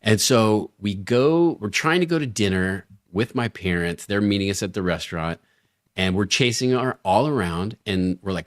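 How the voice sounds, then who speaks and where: A middle-aged man co-hosting a podcast, telling a story in a lively way and acting out the quoted voices. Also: fairly low pitch, moderate pace, dry recording, clean studio sound. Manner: animated storyteller, acts out quoted lines. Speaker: podcast co-host. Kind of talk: casual storytelling chat.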